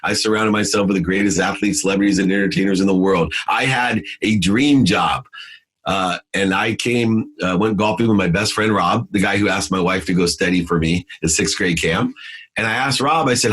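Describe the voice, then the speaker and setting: A man's voice: low-pitched, moderate pace, fairly bright tone, breathy edge. A middle-aged man, a podcast guest, telling personal stories in earnest with many "uh" fillers. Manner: earnest, many "uh" fillers, rises sharply when retelling arguments. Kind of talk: personal storytelling in an interview.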